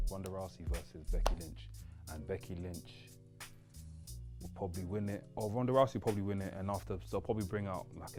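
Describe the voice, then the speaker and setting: A young man, rambling playfully in a casual wrestling chat. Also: deep voice.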